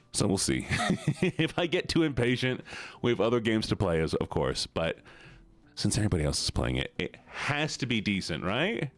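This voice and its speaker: A man's voice: lowish voice, sing-song, normal speed, no echo. A man chatting playfully and teasingly with his chat on a live stream.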